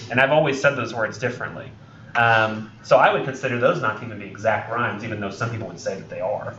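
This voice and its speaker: A man's voice: medium pitch, brisk, fairly bright tone, slight background noise. A young man, teaching a college English class in a casual, rambling way with frequent ums, self-corrections and jokes. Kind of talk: classroom lecture. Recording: roomy, distant, dull lo-fi classroom recording.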